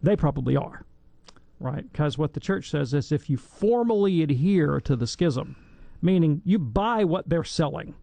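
A man's voice: fairly high pitch, gravelly, dark tone, dry recording. A man from Alabama answering listener questions on a call-in radio show, chatty and jokey with rambling digressions. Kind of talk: casual radio Q&A.

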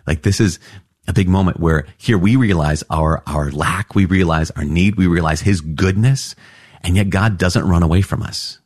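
A man's voice: low voice, moderate pace, a little mellow, dry recording, clean studio sound. A man giving an enthusiastic Catholic reflection on scripture, exclaiming with wonder as he explains.

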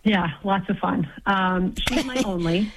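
A woman's voice: medium pitch, measured pace, crowd noise. A woman calling in to a radio advice show, speaking hesitantly with many ums and light laughs. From New York. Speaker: caller. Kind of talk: phone-in conversation. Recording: dull phone line.

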